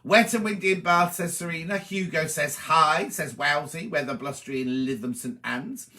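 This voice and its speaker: Bright-voiced chatty man. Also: a little high, moderate pace. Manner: chatty, greets viewers by name, reads messages aloud. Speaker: host. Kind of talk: live-stream chat reading viewer comments.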